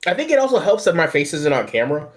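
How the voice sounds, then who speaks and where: A man's voice: on the high side, big pitch swings, very fast. A young man with a Southern American accent, chatting boisterously on a podcast and laughing often. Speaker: podcast host, anime YouTuber. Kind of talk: casual podcast chat.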